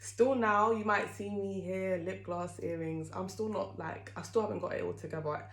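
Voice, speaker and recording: A woman's voice: mid-range voice, fairly even intonation, moderate pace. Candid woman vlogging in an echoey room. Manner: chatty and candid, with many fillers. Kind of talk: candid talk to camera.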